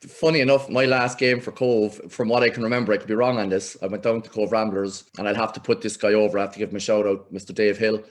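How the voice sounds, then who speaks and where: A middle-aged Irish man, a football coach, telling lively anecdotes in a casual interview and acting out the voices he quotes. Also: on the low side, quick pace, hardly any pauses. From Ireland. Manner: animated anecdotes, acts out quoted voices, laughs often. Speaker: football coach, podcast guest.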